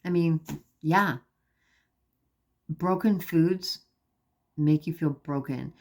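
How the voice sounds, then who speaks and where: A woman records a personal video diary with a somewhat low voice. She talks earnestly and with emphasis, straight to her viewers. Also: very slow. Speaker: vlogger.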